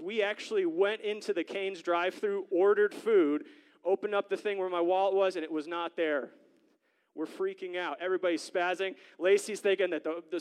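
A man's voice: high-pitched, clean tone. A young man preaching a sermon in a church, telling a family story in a conversational way and building to fervent exhortation. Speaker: pastor. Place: church sanctuary.

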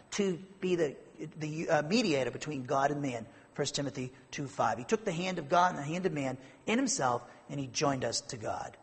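A man's voice: on the high side, slightly rough, in a large hall. A man preaching an expository sermon, emphatic, rising into rhetorical questions. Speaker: pastor.

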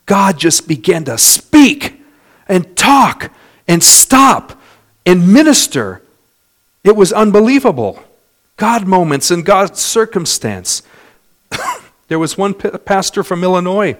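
A man preaching a sermon as pastor, swinging between loud, fast passages and soft, slow ones, and telling stories in others' voices. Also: high-pitched, sing-song. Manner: dynamic preaching with wide swings in loudness and pace; storytelling with imitated voices of others.

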